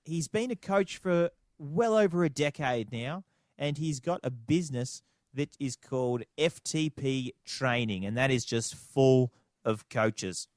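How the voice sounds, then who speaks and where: A man's voice: medium pitch, measured pace, a little mellow, no room sound, studio quality. A man with an Australian accent co-hosting a podcast, bantering in a playful, mock-serious way. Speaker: podcast co-host. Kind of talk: casual comedic podcast chat.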